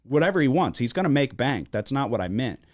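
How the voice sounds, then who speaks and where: A man from Louisiana hosting a sports-betting podcast, telling a story in casual chat with a lot of swearing and animated emphasis. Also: mid-range voice, a little fast, no echo, studio quality. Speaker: podcast host. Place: studio.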